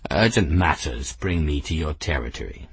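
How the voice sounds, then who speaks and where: A man's voice: very deep voice, expressive, normal speed, husky, dry recording, pitched below the performer's own voice, heavily acted. A man voicing a bold, smug young male cat warrior who speaks in a clipped, assured way.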